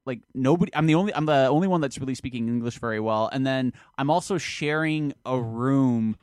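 A man's voice: mid-range voice, a little fast, a little mellow, clean tone, no echo, clean studio sound. A man with a Canadian accent, a comedian guest telling a rambling story and laughing as he goes. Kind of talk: casual comedy chat.

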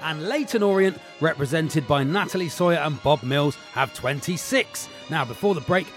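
A man's voice: fairly high pitch, expressive, faint music behind. A man hosting a radio sports quiz into a studio microphone, jokey and upbeat. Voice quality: jokey, upbeat, quick to laugh. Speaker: quiz show host.

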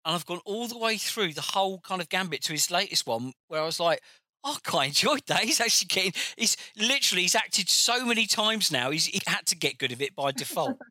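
A man's voice: sits high, expressive, quick pace, few pauses, sharp tone, dry recording, clean studio sound. A man co-hosting a film podcast, blunt and sweary in casual chat. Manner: blunt, sweary, laughs often. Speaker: podcast co-host.

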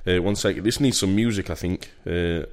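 A man's voice: deep voice, fairly quick. A man, co-hosting a podcast in casual chat and rambling jokily from one idea to the next. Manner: rambling and jokey. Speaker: podcast co-host. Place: home room.

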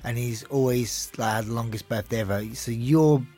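A man co-hosting a podcast in casual banter, mumbling and rushing his words. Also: mid-range voice, dark tone, faint music behind. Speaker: podcast co-host.

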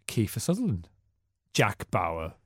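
A tired man, co-hosting a podcast in casual banter, quick with dry jokes and chuckles. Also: lowish voice, wildly swooping pitch, slightly rough, no room sound. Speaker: podcast co-host, journalist.

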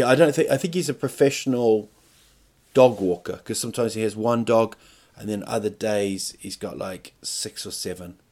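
A man's voice: fairly low pitch, a little mellow. A middle-aged man hosting a podcast, rambling through a crude comic monologue with stop-start phrasing and rhetorical questions. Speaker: podcast host.

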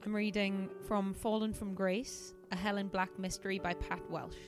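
A woman's voice: medium pitch, flat delivery, normal speed, music in the background. Giggly young woman reading aloud. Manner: giggly, self-interrupting. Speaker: guest, comedian and scientist. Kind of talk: casual reading aloud on a podcast.

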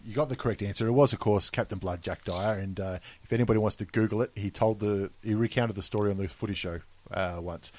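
A man's voice: lowish voice, fast talker, few pauses, a little mellow, poor audio. An Australian man hosting a casual podcast quiz, reading questions with plenty of fillers and laughing often. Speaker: quiz host.

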